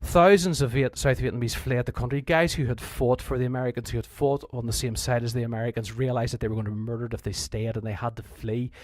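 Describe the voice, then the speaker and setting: A man's voice: medium pitch, fairly even intonation, fast talker, few pauses, no echo. A man with a Northern Irish accent, a history teacher giving a conversational revision lecture who often restarts his sentences and acts out quotes.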